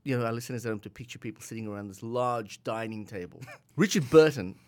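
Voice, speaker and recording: Guy on a film podcast, chatty and animated, keeps restarting sentences, medium pitched voice. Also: quick pace. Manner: animated, chuckling, repeats words when starting. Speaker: podcast co-host. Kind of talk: casual film discussion.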